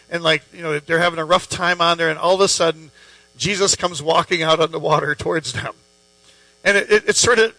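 Male pastor, high bright voice, dry close sound with a faint mains hum, informal joking sermon delivery. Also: no room sound, rough recording. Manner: chatty, joking asides, animated quoted voices. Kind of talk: casual conversational sermon.

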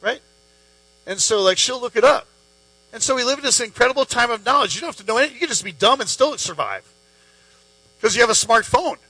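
A man's voice: very high-pitched, lively intonation, fast, long pauses, sharp tone, husky, no room sound, low-quality recording. A man preaching a casual, conversational sermon, chatting with his listeners, joking as he goes and acting out quoted voices. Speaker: pastor.

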